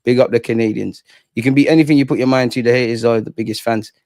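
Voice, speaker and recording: A man's voice: medium pitch, fairly even intonation, quick pace, a little mellow, no room sound, studio quality. A young man with a London accent, hosting a casual live chat with slang and reading out viewer comments. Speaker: livestream host.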